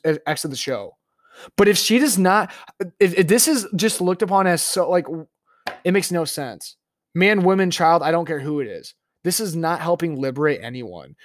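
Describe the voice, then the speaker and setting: A man's voice: on the high side, no room sound, clean studio sound. A young man hosting a solo opinion podcast, talking heatedly and stumbling through restarts and repeated words. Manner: impassioned, repetitive, many restarts and stammers; mocking voices when quoting opponents. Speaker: podcast host.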